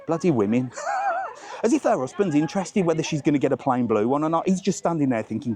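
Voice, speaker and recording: A man's voice: mid-range voice, huge pitch swings, brisk, darkish tone, husky. Chatty man ranting at a market. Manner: chatty and ranting, laughs often. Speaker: travel vlogger. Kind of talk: casual walking vlog chat. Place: outdoor market. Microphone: clip-on mic, later removed.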